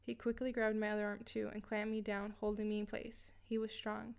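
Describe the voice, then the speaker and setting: Flat-voiced, gravelly woman narrating. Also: medium pitch, fairly quick. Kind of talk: scripted first-person story narration.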